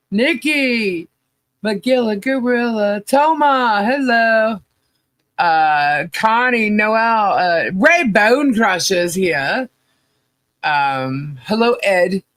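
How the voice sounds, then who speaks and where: Hoarse woman hosting a relaxed livestream. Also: mid-range voice, very slow, no echo. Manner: chatty, laughs often while greeting viewers. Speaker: podcast co-host. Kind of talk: casual livestream chat.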